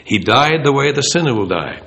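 A man gives an easygoing Bible talk, his pitch rising and falling a lot. He talks conversationally and acts out the lines he quotes. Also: sing-song, fairly quick, gravelly, a bit bright. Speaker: Bible teacher. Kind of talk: informal talk on theology.

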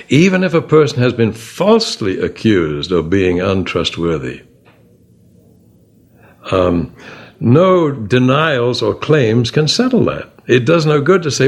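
A man leading a Bible study class, talking in an animated way and asking the group many rhetorical questions. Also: on the low side, slightly rough. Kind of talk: discussion-led Bible class.

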